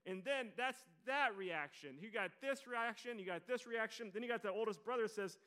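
A man preaching a sermon to a congregation, reading scripture softly and then speaking out with animated emphasis and asides to the listeners. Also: high-pitched, moderate pace. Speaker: pastor.

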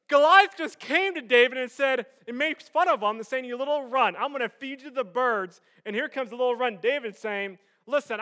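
A man with a high voice preaching a sermon. He tells the story with lively energy and acts out each quote. His delivery swings from loud bursts to hushed passages. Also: a little fast. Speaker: pastor.

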